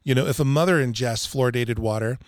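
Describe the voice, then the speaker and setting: Man, podcast guest, emphatic, repeats for effect, mid pitch, dead-dry sound. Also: fast, dry recording. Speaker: water filtration installer, guest. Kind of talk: casual podcast chat. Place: Utah.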